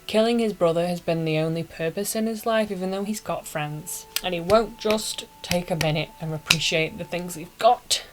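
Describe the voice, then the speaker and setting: A young woman with a fairly low voice runs through an anime plot in a loose, chatty recap. She is slangy and opinionated, and a faint hum of room ambience sits under her voice. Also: low-quality recording.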